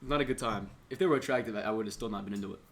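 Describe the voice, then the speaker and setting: A man's voice: on the low side, racing, a little hiss or hum. A young man co-hosting a casual podcast, rambling through sports stories, swearing and acting out what people said. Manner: rambling storyteller, swears, voices quotes. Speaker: podcast co-host. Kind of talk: casual chat.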